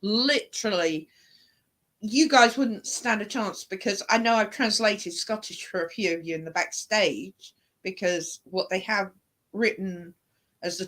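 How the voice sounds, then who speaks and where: A woman's voice: mid-range voice, a bit bright. A woman from England with a trained, broadcaster-like British accent, chatting in a casual group talk and explaining at length. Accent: British, trained broadcaster-style.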